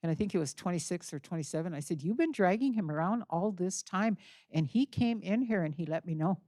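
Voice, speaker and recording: A woman's voice: lowish voice, lively intonation, a little fast, darkish tone, no echo, studio quality. An older woman giving a talk in an auditorium, telling a vivid story in earnest and acting out the dialogue. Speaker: guest speaker. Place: college auditorium.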